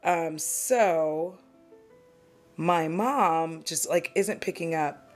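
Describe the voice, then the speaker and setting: A woman's voice: low voice, drawn-out words, faint music behind. Chatty, candid woman vlogger rambling. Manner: self-deprecating, candid. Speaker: beauty vlogger. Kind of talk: casual get-ready-with-me chat.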